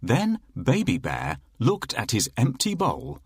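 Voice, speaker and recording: A man narrating a children's fairy tale in a slow, expressive storytelling manner. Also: mid-range voice, a little hiss or hum.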